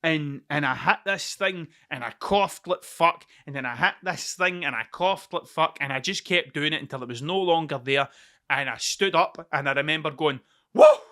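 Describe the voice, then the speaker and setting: Scottish podcast host, thirties, high forceful voice, sweary rambling solo storyteller. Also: male voice, normal speed. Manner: rambling, heavy swearing, repeats himself. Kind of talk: casual solo storytelling monologue.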